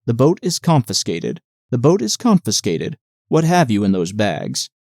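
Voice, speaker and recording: A man's voice: mid-range voice, huge pitch swings, normal speed, darkish tone, dry recording, clean studio sound. A man voicing a formal, officious male border lieutenant who questions travelers in clipped sentences.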